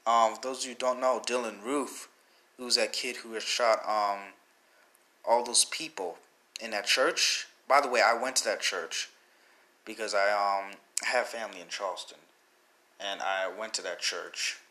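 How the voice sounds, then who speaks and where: Young male podcaster, rambling and emotional, slightly low pitch, bright tone. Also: steady tone, normal speed. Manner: earnest and emotional, rambling with many restarts. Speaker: podcast host. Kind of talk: personal commentary podcast.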